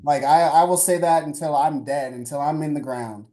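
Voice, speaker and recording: A man's voice: on the high side, mellow. A man co-hosting a casual podcast, speaking emphatically with frequent restarts and some swearing. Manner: emphatic, halting, with restarts and profanity. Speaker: podcast co-host. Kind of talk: casual political podcast chat.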